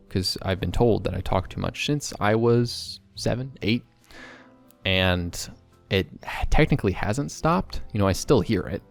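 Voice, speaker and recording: A young man talking candidly to camera in a rambling, excitable vlog monologue. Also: lowish voice, vocal fry. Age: young adult. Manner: excitable, rambling, quick bursts. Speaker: vlogger.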